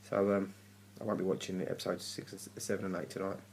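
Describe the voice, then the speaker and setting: A man rants through a casual TV review in a low, gravelly voice. He sounds grumpy and exasperated and swears freely. A faint hum sits underneath him. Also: little pitch movement, fast, a little mellow. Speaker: TV review vlogger. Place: home at night.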